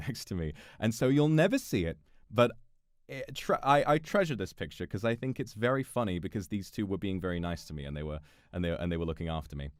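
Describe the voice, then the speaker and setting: A man's voice: on the low side, no room sound. A young British man telling a story in a casual chat, often swearing and laughing as he goes. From Britain. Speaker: streamer.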